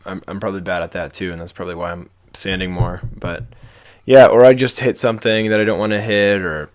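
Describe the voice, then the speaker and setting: A man co-hosting a podcast about woodcarving, talking in a low-key, self-deprecating way that trails off at the ends of thoughts. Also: fairly even intonation, fairly quick. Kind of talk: casual chat.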